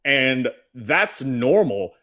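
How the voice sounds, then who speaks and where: Animated man ranting about politics. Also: medium pitch, very slow. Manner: animated ranting, swears, mocks in put-on voices. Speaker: host. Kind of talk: casual political chat.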